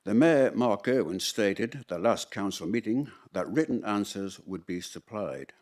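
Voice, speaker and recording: Low-voiced guy grilling the council, pointed and combative, won't let it go. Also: lively intonation, unhurried, a little mellow. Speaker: member of the public asking questions. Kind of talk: public question time at a council meeting.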